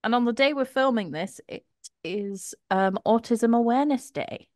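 A woman's voice: on the high side, lively intonation, moderate pace, darkish tone, dry recording, clean studio sound. Chatty British woman hosting a podcast. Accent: British English. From England. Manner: chatty, giggly, reads from notes. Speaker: podcast host. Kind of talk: casual group chat.

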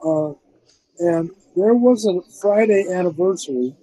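An older man, a film composer, telling rambling, animated stories in a casual interview, with many restarts and fillers. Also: high voice, measured pace, husky, dry recording, poor audio.

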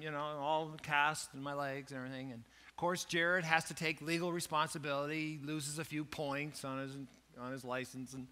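A man preaching a sermon as lead pastor, telling a story with animated, self-joking delivery. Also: a little high, clear, resonant tone.

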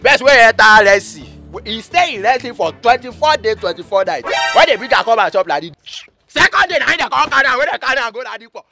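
A young man with a Nigerian Pidgin accent, a comedian in a sketch, loud and boisterous, swinging between shouts and mutters. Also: very high voice, very animated, quick pace, faint music behind.

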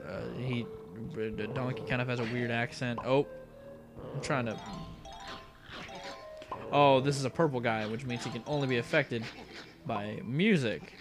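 A man's voice: medium pitch, unhurried, long pauses, music in the background. A young man giving casual, rambling commentary while playing a video game, often trailing off into mutters. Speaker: let's play host.

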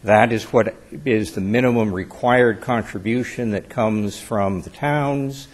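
Husky-voiced male attorney arguing formally. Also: lowish voice. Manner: measured and deferential, addresses the bench formally. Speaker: attorney arguing before an appeals court. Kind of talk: formal legal argument. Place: courtroom.

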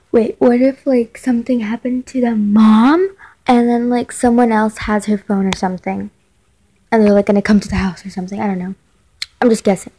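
A woman's voice: on the high side, steady tone, moderate pace, warm tone, poor audio. A woman reading a chat story who stops to comment and talks casually to her viewers, often saying "like.". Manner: chatty, filler-heavy, talks to viewers.

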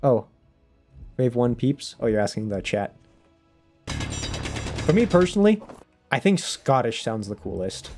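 A man's voice: mid-range voice, big pitch swings, measured pace, long pauses, darkish tone, soft background music. A young man in his twenties chatting casually on a gaming stream, rambling and self-deprecating.

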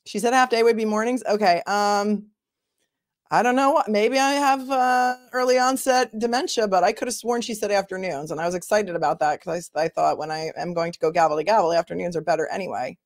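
A woman's voice: medium pitch, fairly quick, dry recording, studio quality. A woman attorney hosting a casual livestream, chatting and answering viewer comments as she thinks aloud.

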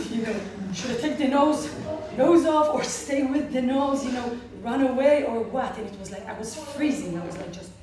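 An Israeli woman with a fairly high voice tells a personal story as a medical clown, animated, with frequent laughter and broken, restarting sentences. She sounds distant from the mic in a very echoey hall, with an audience audible around her. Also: normal speed, crowd noise.

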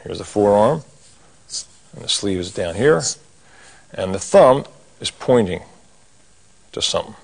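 A middle-aged man with a fairly low voice leads a cartoon drawing lesson, calmly narrating each stroke as he draws. His manner is folksy and he drops in corny gags along the way. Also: measured pace, creaky, long pauses. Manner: folksy, corny jokes, talks while drawing. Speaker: drawing instructor.

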